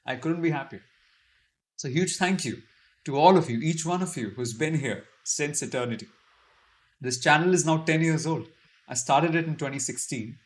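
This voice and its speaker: During a casual live-stream Q&A on YouTube, the male host reads viewer comments aloud and responds with chatty, self-deprecating wit. His voice is on the high side and his pace moderate.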